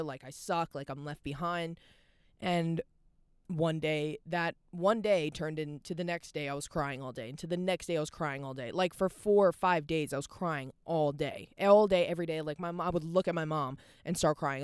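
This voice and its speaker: Low, clear, and resonant, a young adult woman's voice is captured dry with clean studio sound. On her solo podcast she talks candidly and wanders off track, using "like" in nearly every phrase.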